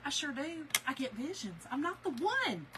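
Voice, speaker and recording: Her high voice moves at a moderate pace as this craft channel host talks with her livestream audience from home, telling stories animatedly and laughing often in a chatty way. The recording is rough, with slight background noise.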